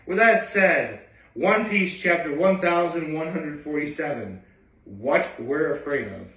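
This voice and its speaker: Excitable guy reacting to a manga chapter, slightly high voice, roomy echo. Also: recorded from a distance. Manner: chatty, excitable, reads lines in quick voices. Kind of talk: casual chapter read-through.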